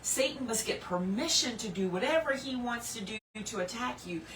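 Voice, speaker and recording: A woman's voice: lively intonation, moderate pace, recorded from a distance, slight background noise. Earnest woman preaching in an echoey room. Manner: earnest and emphatic, swinging from lifted lines to low hushed ones. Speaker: Bible teacher. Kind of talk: sermon-style Bible teaching.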